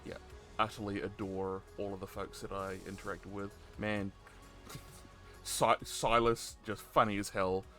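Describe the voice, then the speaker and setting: A man in his thirties leads a relaxed interview with a fairly low voice. He tells stories animatedly, cracking jokes and laughing along the way. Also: a little slow, faint music behind. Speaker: podcast host and roleplay community admin. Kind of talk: casual conversational interview.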